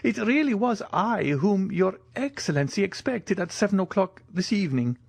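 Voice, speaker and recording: A man voicing an elderly Italian ex-major, timid and eager, in a high, quavering voice. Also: very animated, normal speed, gravelly, no echo, heavily acted.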